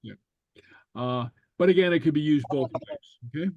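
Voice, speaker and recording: A man teaching a language class, explaining slowly and stopping often with fillers and repeated okays. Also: fairly high pitch, a little mellow, no echo, muffled recording. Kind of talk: relaxed online class explanation.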